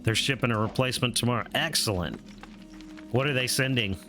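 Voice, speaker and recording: A man streaming a horror game, chatting casually and relaxed, with some swearing. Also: medium pitch, a little fast. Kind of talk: casual gameplay commentary. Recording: game music underneath.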